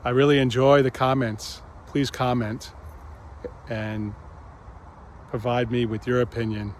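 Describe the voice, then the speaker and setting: A man speaks slowly and gently on his own spiritual vlog, with long pauses between short phrases. His voice sits at an everyday middle pitch, and faint traffic hums behind him outdoors. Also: little pitch movement. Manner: slow, gentle, pausing often. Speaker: channel host.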